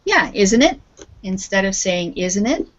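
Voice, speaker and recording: A woman's voice: mid-range voice, very animated, measured pace. A woman with a Canadian accent, teaching an English lesson over a video call and patiently prompting her students. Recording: dull lo-fi video call audio.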